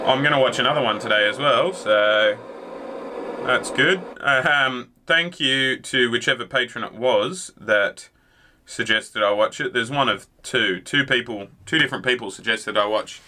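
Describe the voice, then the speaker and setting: A man's voice: mid-range voice, unhurried. A man rambling and swearing freely in a casual reaction-video chat. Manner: rambling, profane, lots of "like" and "you know what I mean". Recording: loud background noise.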